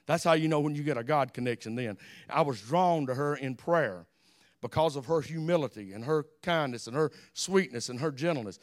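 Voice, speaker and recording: An older man with an Alabama accent, preaching a folksy sermon, telling stories and dropping amens. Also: a little high. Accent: Southern US, Alabama. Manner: folksy, repeats amen, animated storytelling.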